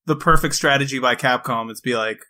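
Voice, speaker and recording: A man co-hosting a casual video game podcast, speaking slowly with joking asides. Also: medium pitch, sharp tone. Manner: slow, drawn-out, joking asides. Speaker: podcast co-host. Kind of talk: casual chat about video games.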